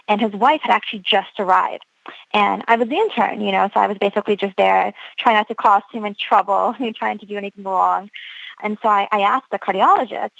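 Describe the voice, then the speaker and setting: A woman's voice: mid-range voice, gravelly, no room sound, highs cut off. A woman emergency physician telling an earnest story of her early training, reenacting the dialogue as she goes. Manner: earnest, reliving events with quoted dialogue. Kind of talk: storytelling interview.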